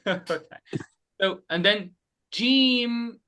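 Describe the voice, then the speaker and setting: A man teaching an online group class, animated and repeating letters slowly for his students. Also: sits high. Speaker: Quran recitation teacher. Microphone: webcam.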